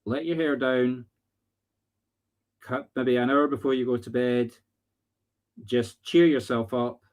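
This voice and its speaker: A man's voice: medium pitch, steady tone. Scottish man giving earnest medium readings. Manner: earnest, halting, searching for words. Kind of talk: live-streamed spirit readings. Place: home live stream.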